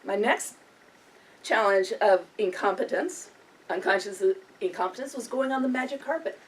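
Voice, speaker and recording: A woman's voice: medium pitch, moderate pace. An older woman giving a humorous storytelling speech, often chuckling through her own anecdotes. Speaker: public speaker. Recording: distant mic with faint room ambience.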